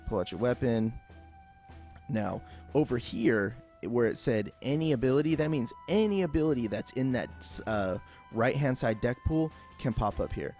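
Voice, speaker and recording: A man's voice: medium pitch, animated, normal speed, darkish tone, soft background music. A man talking through a game tutorial off the cuff, casual and rambling with lots of fillers. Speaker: gameplay tutorial host. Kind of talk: unscripted game tutorial voice-over.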